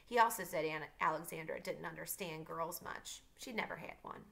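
A woman teacher reading a novel aloud to her class, telling it in a steady way and adding casual asides. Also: sits low, normal speed, gravelly.

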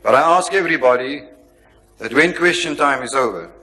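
Firm insistent chairman, bright edge, echoey lecture hall. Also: medium pitch, a little fast. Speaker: event chairman. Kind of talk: chairing a public Q&A. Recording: long hall reverb.

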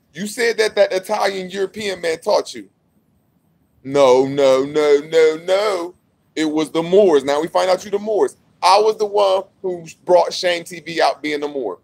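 A young man ranting at a rival vlogger in a heated, mocking way, repeating his challenge and swinging from loud outbursts to low mutters. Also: creaky. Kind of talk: confrontational rant to camera.

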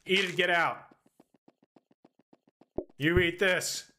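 A man's voice: fairly high pitch, animated, measured pace, long pauses, background noise. A man streaming a cooking game solo, giving playful running commentary to his chat and talking himself through the chaos. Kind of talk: live gameplay commentary to chat.

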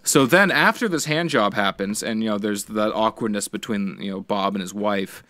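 Male podcast co-host, low voice, rambling casual storyteller, profane, dry sound. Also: moderate pace, pushed and bright, no room sound. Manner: rambling storyteller, swears freely, acts out quotes. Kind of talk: casual chat.

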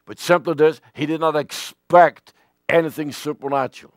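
A man preaching a sermon with emphasis, swinging between loud and hushed. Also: on the high side, steady tone, normal speed, dry recording, studio quality.

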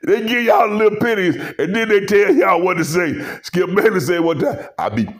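A man giving a comedic sports commentary rant, mocking and animated, laughing between lines. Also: sits high, normal speed. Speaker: commentary host.

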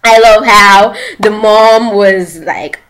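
A woman's voice: mid-range voice, takes it slowly, a bit bright. A young woman who speaks English as a second language, gushing in a casual chat as she reviews a drama. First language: not English. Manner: gushing, chatty, giggly.

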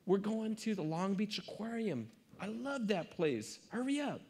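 A man voicing his young daughter, eager and pleading in a raised, high pitch, as he retells a family story on stage. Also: very animated, measured pace, a little mellow, breathy edge, full character voice. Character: excited little girl begging her dad.

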